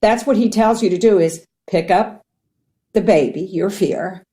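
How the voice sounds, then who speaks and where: A woman from Ohio, a guest on mindfulness, teaching in a conversational way, earnest and animated, acting out little quotes as she explains. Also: medium pitch, a little slow. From Ohio, United States.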